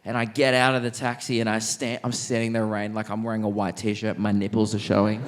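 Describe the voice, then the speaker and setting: A man's voice: on the low side, level tone, fast talker. A man with an Australian accent doing a stand-up comedy set on a theatre stage, often laughing through his own lines. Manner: laughs mid-line at his own jokes. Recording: live theatre recording with faint crowd noise. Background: faint audience laughter.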